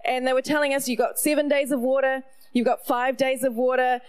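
A middle-aged woman pastor with a New Zealand accent preaches a sermon in an animated, storytelling way, tossing in playful asides. Her voice sits high and she speaks briskly, with a clean tone.

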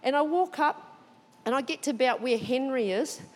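A woman giving an animated sermon testimony in church, telling her story expressively. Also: high-pitched, moderate pace, in a large hall. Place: church auditorium.

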